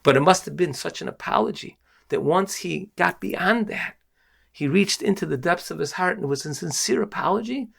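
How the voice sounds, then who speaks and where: A rabbi giving an earnest, emphatic Torah lesson and weaving in a story. His voice is gravelly and sits on the higher side. He pushes hard on key points. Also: animated, normal speed, a bit bright.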